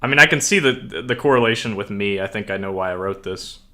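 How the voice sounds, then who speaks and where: Young man, streamer, casual rambling chat, lots of fillers, bright edgy tone, lowish voice. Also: fast.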